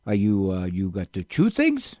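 A man's voice: low voice, huge pitch swings, moderate pace, warm tone, no echo, voice pushed down. Guy putting on an old italian grandpa, thick accent, confused, asking questions, dry close sound. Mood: baffled. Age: older.

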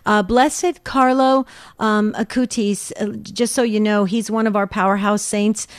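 A woman's voice: mid-range voice, fairly even intonation, unhurried, smooth, dry recording. A woman co-hosting a call-in talk show, upbeat as she reads out listener comments. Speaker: co-host. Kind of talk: casual radio talk show.

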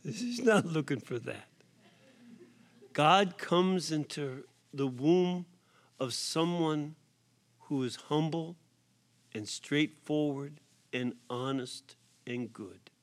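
Slow, high-voiced man preaching. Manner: slow, emphatic preaching with sudden rises in pitch and volume; drops to a soft whisper for effect. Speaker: priest. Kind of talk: sermon. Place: prison chapel or hall.

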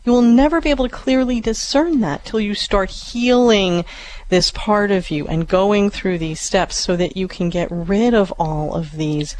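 A woman co-hosting a call-in radio advice show, earnest and encouraging, speeding up and then slowing to stress her points. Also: medium pitch, darkish tone, a little hiss or hum. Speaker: radio show co-host and counselor.

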